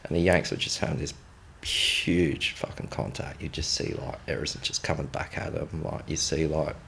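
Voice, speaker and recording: A man's voice: extremely low pitch, fairly even intonation, normal speed, gravelly, pushed and bright, a little hiss or hum. An Australian man telling war stories as a podcast guest, blunt and swearing freely as he acts out dialogue. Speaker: podcast guest, former military contractor. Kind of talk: casual storytelling.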